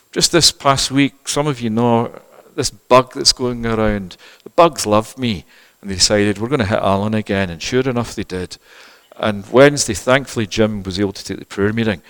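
A middle-aged male pastor giving a sermon, moving from quiet conversational asides to loud, fervent preaching. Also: mid-range voice. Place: church. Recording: reverberant church hall.

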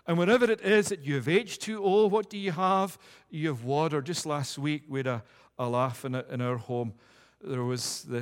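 Preacher in an echoing hall. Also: male voice. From United Kingdom. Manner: emphatic, building repeated declarations to a rising pitch. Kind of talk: sermon. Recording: long hall reverb.

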